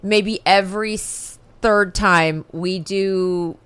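A woman's voice: mid-range voice, fairly even intonation, takes it slowly, fairly bright tone, smooth, no echo. A woman co-hosting a podcast in casual chat, candid and rambling, swearing freely. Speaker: podcast co-host.

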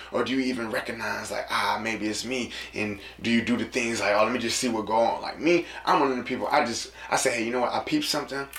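A man talking casually to listeners in an animated, slangy way, acting out quotes in a lower voice. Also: echoey room, noisy background.

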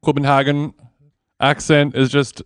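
A man's voice: mid-range voice, level tone, measured pace, no echo. A man co-hosting a casual podcast chat, joking with dry, sarcastic humor. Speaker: podcast co-host.

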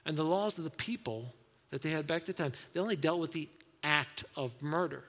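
A man preaching a sermon in a conversational way, acting out quoted voices and dropping to soft asides. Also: on the high side, fairly quick, in a large hall. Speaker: pastor.

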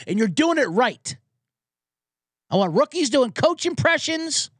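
A man's voice: very high-pitched, big pitch swings, measured pace, husky, no room sound, studio quality. A man hosting a comedy sports podcast, ranting with profanity and getting fired up. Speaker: podcast host.

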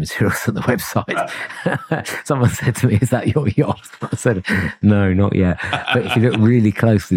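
Brief: middle-aged male guest, deep husky voice, reflective and meandering. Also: a little mellow. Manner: reflective, rambling with fillers and chuckles. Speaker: consultancy founder, podcast guest. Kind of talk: conversational interview.

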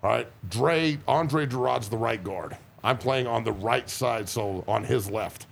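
A man's voice: mid-range voice, unhurried, gravelly, slight background noise. A man and former football player chatting on a podcast as a guest, telling rowdy, profane stories. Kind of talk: casual podcast chat.

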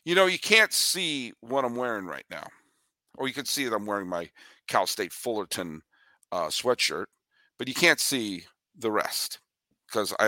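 Male baseball talk host, punchy and ranting, very bright tone, dry close sound. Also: on the low side, moderate pace, no echo. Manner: animated, ranting, joking. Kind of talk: energetic sports talk with ad read.

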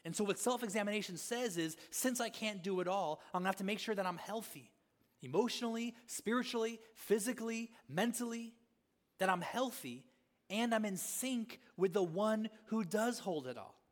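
A pastor preaches a sermon in a big-room space, his voice high-pitched and animated at normal speed. He repeats rhetorical questions and swings between loud emphasis and hushed asides.

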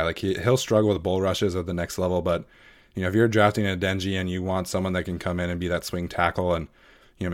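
Man, very low pitch, laid-back, measured, lots of fillers, casual podcast co-host.

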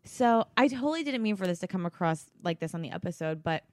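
A woman's voice: mid-range voice, lively intonation, fast talker, no room sound. Earnest young woman sharing on a podcast. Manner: earnest, heartfelt, sometimes swears. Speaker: podcast co-host. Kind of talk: casual podcast chat.

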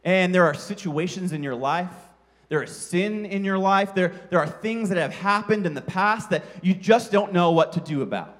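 Pastor, man, high tenor voice, animated self-mocking storyteller preaching a sermon. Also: moderate pace.

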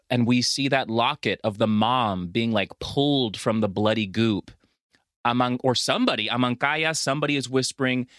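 A man co-hosting a podcast, retelling a film with lively profanity, frequent laughter and acted-out quotes. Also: medium pitch, no echo, clean studio sound. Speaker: podcast co-host. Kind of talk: casual movie recap chat.

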